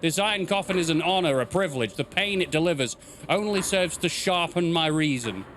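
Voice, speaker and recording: A man reading a raspy, cold High Confessor. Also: animated, fairly quick, slight background noise. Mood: solemn. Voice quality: hoarse, raspy. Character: stern female High Confessor sealed in a bleeding iron coffin. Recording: game music playing loudly behind.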